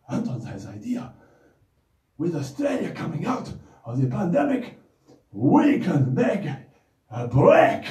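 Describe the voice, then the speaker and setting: A man putting on a voice for an excitable, boastful male character who speaks in childlike broken phrases and calls himself by name. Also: sits high, voice pushed up, full character voice. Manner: talks about himself in the third person, loud and gushing. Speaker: regular character of a children's Bible show. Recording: roomy echo, distant mic.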